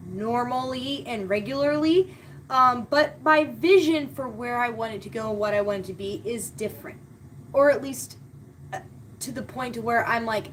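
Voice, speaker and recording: A woman's voice: fairly high pitch, fairly bright tone, a little hiss or hum. A woman hosting a spiritual live stream, talking casually and heartfelt, often repeating her key words.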